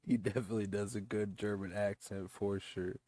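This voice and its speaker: A man's voice: fairly low pitch, warm tone, no echo. A laid-back man hosting a casual reaction video, often repeating himself and chuckling. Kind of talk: casual chat.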